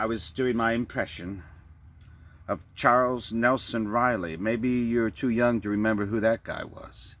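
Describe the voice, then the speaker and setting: A man's voice: medium pitch, a bit bright, dry recording. A man delivering a rambling, improvised comic monologue, often stammering and repeating words. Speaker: vlogger.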